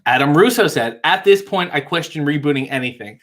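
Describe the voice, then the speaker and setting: On a casual live stream, a male host reads out chat comments and answers them with wry, deadpan jokes. His voice is a little high and he speaks fairly quickly.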